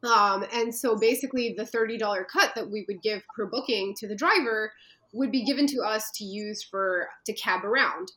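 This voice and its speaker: A woman from Canada telling a personal story as an interview guest, earnest and halting, with many fillers and restarts. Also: medium pitch, fairly bright tone, low-quality recording.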